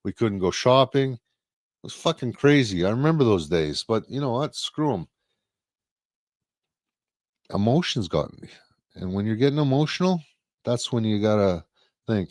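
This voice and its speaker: Blunt low-voiced man on a live stream. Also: expressive, moderate pace, long pauses, no room sound, clean studio sound. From Canada. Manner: blunt, profane, rhetorical questions. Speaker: co-host of a live-stream talk show. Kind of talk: casual live-stream commentary.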